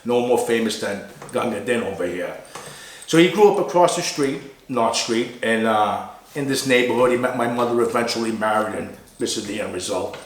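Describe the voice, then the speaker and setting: A man with a Boston accent hosting a casual interview show, chatty and animated. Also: mid-range voice, normal speed. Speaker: host. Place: barber shop. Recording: echoey barber shop.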